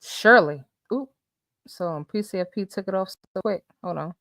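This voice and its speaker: A woman hosting a casual live stream, reading messages and viewer comments aloud with animated, laughing commentary. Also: mid-range voice, normal speed, no room sound, clean studio sound.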